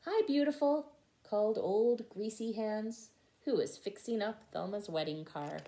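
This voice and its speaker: A woman reads a children's picture book aloud at an unhurried pace, pausing to explain words to young listeners. Her voice sits at a middle pitch, and her delivery is patient and clear. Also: mellow. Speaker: storyteller for children. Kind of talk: children's read-aloud with word lessons.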